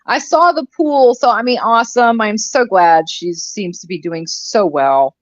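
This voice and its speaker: A talkative woman in casual chat, wandering from one story to the next and dropping curses along the way. Her voice sits at an ordinary pitch. The audio is dry and a little dull, like a modest home stream setup. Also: expressive, unhurried, dry recording. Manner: rambling, chatty storyteller who swears freely. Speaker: live commentary co-host.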